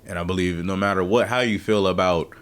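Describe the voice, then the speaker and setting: A man with a very deep voice banters as a podcast co-host. He teases and jokes with his partner, using slang and swearing freely. His talk is relaxed and playful. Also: brisk. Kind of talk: casual chat.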